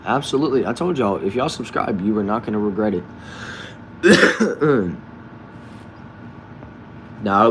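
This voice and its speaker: A man casually hosting a live stream from a backyard shed, reading viewers' comments aloud and answering them in a relaxed way. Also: lowish voice, a little hiss or hum. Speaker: livestream host reading chat.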